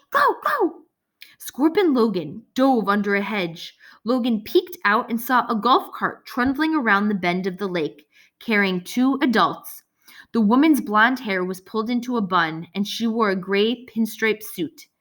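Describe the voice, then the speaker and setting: A woman narrating a children's audiobook with a lively, expressive reading. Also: mid-range voice, unhurried. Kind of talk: scripted narration.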